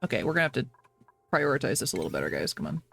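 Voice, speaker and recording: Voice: medium pitch, very animated, very fast, gravelly, fairly bright tone, slight background noise. A game streamer chatting casually to viewers while playing, laughing often and apologizing a lot. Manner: talks to chat, reacting to the game.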